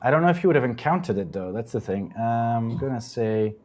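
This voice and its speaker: A man of middle pitch narrates a tabletop game in a loose, offhand way. He fills his scene-setting with "um" and "like" as he thinks aloud. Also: sing-song, fast, darkish tone. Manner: casual, filler-heavy narration. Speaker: game master.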